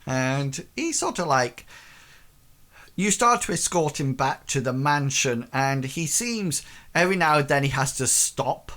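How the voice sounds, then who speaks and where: Slow, hesitant male game master. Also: fairly high pitch, a bit bright. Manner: hesitant, many fillers. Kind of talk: narrating a tabletop game.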